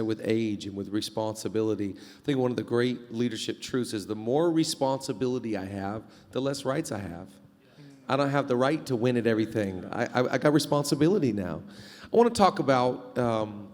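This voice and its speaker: A male host leading a live conference panel, enthusiastic and quick to affirm. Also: mid-range voice, darkish tone. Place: conference stage before a live audience. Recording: long reverb of a large hall.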